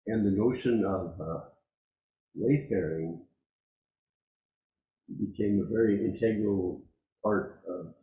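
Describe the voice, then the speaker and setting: A man giving a dharma talk as a Zen teacher, reflective and unhurried, pausing often and laughing softly. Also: deep voice, roomy sound, slight background noise, low-quality recording. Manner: slow, reflective, with frequent pauses and soft laughs.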